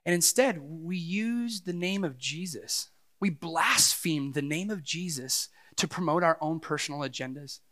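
A middle-aged man preaching a sermon as pastor, animated and swinging between loud passages and hushed ones. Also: on the high side, measured pace.

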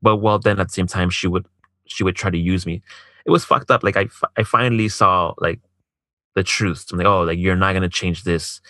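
A man's voice: deep voice, fairly even intonation, a little fast, bright, forceful tone, no echo. A man telling a personal story in casual chat, swearing a lot, filling his speech with "like", and acting out what others said. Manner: profane, heavy use of filler "like"; acts out quoted dialogue.

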